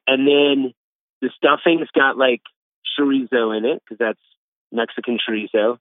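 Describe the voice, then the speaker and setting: A man's voice: medium pitch, a little slow, dry recording. A man who is a food editor and restaurateur, guesting on a podcast, telling loose stories full of "like" and acted quotes. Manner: loose storytelling, acts out quotes, says "like" a lot. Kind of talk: casual phone interview. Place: home in Texas. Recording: phone line.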